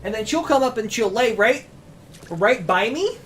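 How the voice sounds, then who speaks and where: A man's voice: very high voice, animated, moderate pace, fairly bright tone, a little hiss or hum. Chatty man commenting on his gameplay. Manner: rambling, chatty, talks to his cat. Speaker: game streamer. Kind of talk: casual let's-play commentary.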